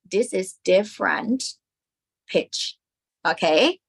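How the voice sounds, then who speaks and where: A woman's voice: mid-range voice, lively intonation, slow pace, gravelly, pauses often, husky. A woman with a Thai accent teaching Thai tones in a live online lesson, often checking in with "okay?" and singing syllables to demonstrate.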